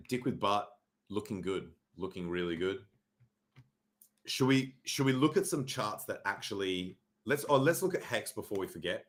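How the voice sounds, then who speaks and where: A young adult man hosting a casual livestream, sarcastic and mock-dramatic, swearing freely and often clearing his throat. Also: sits low, fairly bright tone. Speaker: livestream host reviewing crypto charts. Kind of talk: casual livestream chart talk.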